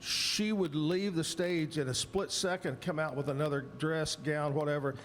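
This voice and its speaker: A man's voice: a little high, steady tone, normal speed, long reverb tail. A man hosting a radio show, chatting casually, telling stories and introducing segments and sponsors. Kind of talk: casual radio chat and storytelling.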